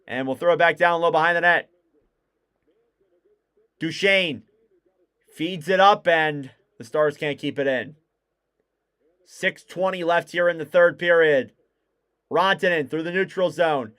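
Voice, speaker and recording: A man calling live hockey play-by-play on his stream, quick and excitable. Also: a little high, smooth. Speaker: livestream commentator.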